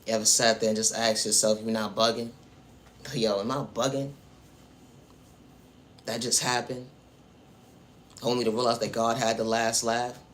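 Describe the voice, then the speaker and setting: Man, bright sharp voice, preachy spiritual monologue, repeats his refrains, faint hiss behind. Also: mid-range voice, little pitch movement, moderate pace, long pauses. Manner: preachy, repeats refrains, talks straight to the viewer. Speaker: spiritual vlogger.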